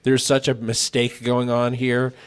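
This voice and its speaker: A man co-hosting a podcast, talking in a measured, reflective way. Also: mid-range voice, monotone, clear, resonant tone. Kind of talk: casual chat.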